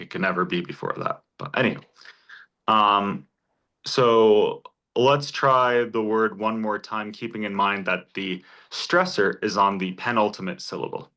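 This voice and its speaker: A man with a fairly low, sharp-toned voice leads an informal Greek lecture in a church classroom. He breaks things down step by step and cheers his students on with examples.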